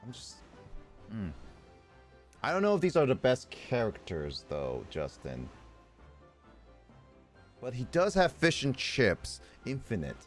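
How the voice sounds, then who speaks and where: Young man, streamer, casual rambling chat, lively pitch, light music behind. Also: takes it slowly, long pauses. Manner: chatty, rambling, reads game text aloud. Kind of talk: casual let's-play commentary.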